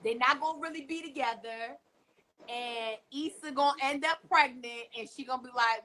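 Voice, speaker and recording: Young woman gabbing about a show, bright sharp voice, kinda high, super emphatic. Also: normal speed, low-quality recording. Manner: animated, emphatic, often acts out quotes. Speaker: co-host. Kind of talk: casual recap chat.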